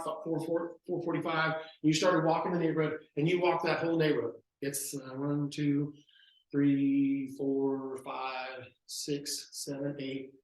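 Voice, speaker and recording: A man leading a real estate training talk, acting out sales pitches as he tells stories. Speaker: real estate team leader. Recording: very echoey room.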